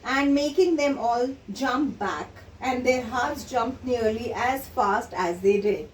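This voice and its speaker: A woman with a high voice teaches children, slowly and patiently explaining a story and what its words mean. She sounds somewhat distant, in an echoey room with faint background noise.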